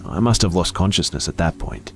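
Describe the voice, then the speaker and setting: A man reading a first-person horror story aloud in a hushed, dramatic way, slipping into whispers at tense moments. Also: low-pitched, animated, fairly quick, gravelly, soft background music.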